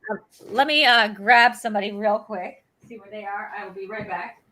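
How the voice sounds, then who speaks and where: A woman's voice: medium pitch, fairly quick, noisy background. A woman co-hosting a casual chat show from home, rambling and chatty with lots of fillers. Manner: chatty, rambling with many likes. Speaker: co-host.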